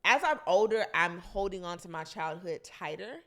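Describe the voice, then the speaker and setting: A woman's voice: lowish voice, animated, normal speed, sharp tone. A young woman co-hosting a podcast, talking in a playful, goofy, casual way. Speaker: podcast co-host. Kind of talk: casual chat.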